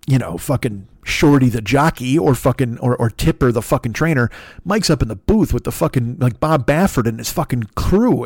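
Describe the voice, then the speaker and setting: A male podcast host delivers a profane, sarcastic comedic rant. He rambles from one point to the next, and his voice sounds dry and close, with no room sound. His pitch is mid-range for a man. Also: dry recording.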